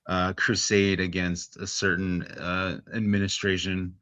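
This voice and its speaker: A man's voice: deep voice, flat delivery, unhurried, bright, forceful tone, no echo. A man co-hosting a podcast in casual chat, blunt and profane, rambling with lots of fillers. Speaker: podcast co-host.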